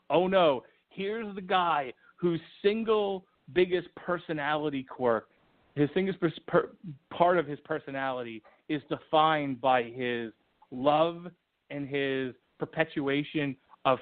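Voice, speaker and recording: A man on a movie-review podcast, talking in an animated, rambling way and restarting his sentences. His voice sits a bit high. He comes through a thin, phone-like line. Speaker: podcast co-host, film reviewer. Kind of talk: casual movie-review chat.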